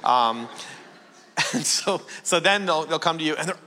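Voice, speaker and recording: A man's voice: fairly high pitch, animated, a little slow, pushed and bright. A man from a small town in Canada doing a stand-up comedy set, rambling and conversational, often asking the room questions. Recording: long hall reverb.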